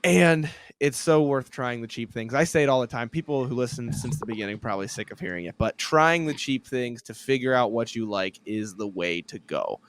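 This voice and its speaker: A man's voice: medium pitch, brisk, few pauses. Man, young adult, podcast host, casual chat, laughs a lot. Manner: laughs often, relaxed and chatty.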